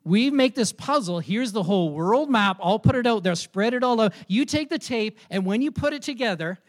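A man's voice: sits high, expressive, moderate pace. A man voicing a busy young father who is stalling for time over his morning coffee. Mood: coaxing. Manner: weary, stalling.

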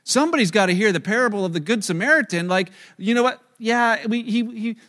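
Baffled disciples stumble over their words in disbelief, played by a male preacher. The voice is high for a man and close to his own. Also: a little fast, fairly bright tone. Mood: incredulous. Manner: incredulous, flustered. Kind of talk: sermon.

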